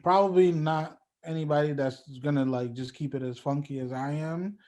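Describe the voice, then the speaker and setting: A young man, a guest musician, talking in a relaxed, loose podcast chat and leaning on "like" and "you know". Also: a little high, normal speed. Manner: laid-back, heavy on "like" and "you know".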